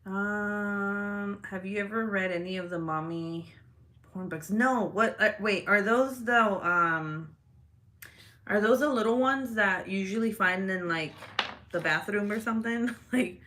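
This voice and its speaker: A woman's voice: medium pitch, measured pace, bright, forceful tone. A woman hosting a casual livestream chat, laughing often and swearing freely as she reacts to comments. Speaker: livestream host. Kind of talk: casual live-stream chat.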